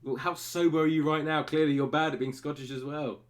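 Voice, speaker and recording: A man's voice: a little high, steady tone, a little fast. A man hosting a casual live stream, teasing and bantering crudely. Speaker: stream host.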